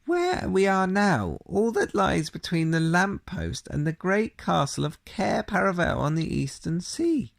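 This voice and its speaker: A man's voice: high-pitched, big pitch swings, measured pace, vocal fry, hardly any pauses, no room sound, pitched above the performer's own voice, full character voice. A man voicing a polite, nervous male faun who speaks courteously and exclaims easily, in a storybook reading. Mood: fussy polite.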